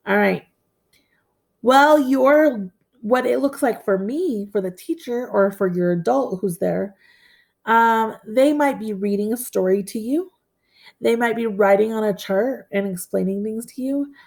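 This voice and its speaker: A woman teacher talks slowly to young children in a recorded lesson, repeating key phrases to encourage them. Her voice sits a bit high with a creaky edge. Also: a little mellow. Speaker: first grade teacher.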